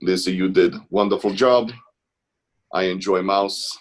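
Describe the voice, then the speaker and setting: A man's voice: low-pitched, steady tone, a little slow. A man hosting a live online art class, chatting in an upbeat, encouraging way. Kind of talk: casual live-stream teaching.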